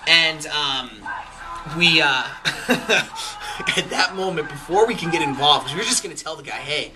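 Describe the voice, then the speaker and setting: A young man recounts a story in a loose, chatty way, stumbling through ums and restarts and acting out what people said. His voice sits a little higher than most men's. Music plays clearly underneath. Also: normal speed, poor audio. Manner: rambling, animated retelling with many fillers and acted-out quotes. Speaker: podcast storyteller. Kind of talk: casual spoken anecdote.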